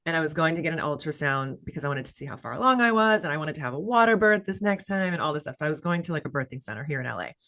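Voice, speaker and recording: A chatty woman in her thirties, raised in the American South, hosts a relaxed conversation. Her voice sits low for a woman, and she spins stories loosely, with lots of "like" and "you know" fillers. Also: rapid-fire, hardly any pauses. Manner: chatty storyteller, many "like" fillers. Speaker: podcast host. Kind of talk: casual conversational interview.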